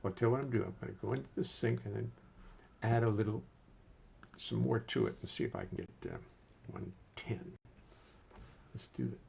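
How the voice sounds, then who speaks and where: A man's voice: lowish voice, huge pitch swings, normal speed, gravelly, pauses often, darkish tone, a little hiss or hum. An older man casually hosting a livestream from his home studio, greeting viewers by name and muttering to himself as he adjusts settings.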